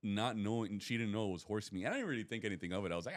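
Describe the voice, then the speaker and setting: A young man co-hosting a podcast, telling stories in a relaxed, slangy way and laughing often. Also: fairly low pitch, fast, few pauses. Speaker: podcast co-host. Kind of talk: casual chat, storytelling.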